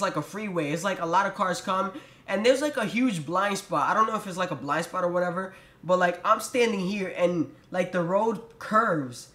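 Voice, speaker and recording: A man's voice: high-pitched, pushed and bright. A young man telling a storytime vlog in a profane, exasperated rant. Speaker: vlogger. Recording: roomy echo.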